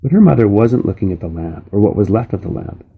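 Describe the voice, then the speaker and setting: A man reading a children's novel aloud in a calm, measured storytelling manner. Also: on the low side, slightly rough, rough recording. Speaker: reader.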